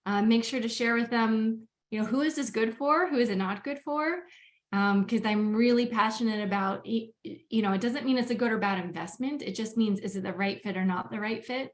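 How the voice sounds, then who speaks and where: A woman's voice: fairly high pitch, a little fast. A woman hosting a webinar over a video call, talking in a chatty, friendly way with frequent "um" fillers. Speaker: webinar host.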